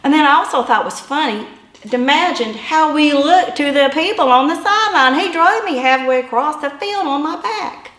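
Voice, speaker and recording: A woman in her fifties with a high voice tells a funny personal story, animated and self-deprecating. The sound bounces around an echoey room. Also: moderate pace.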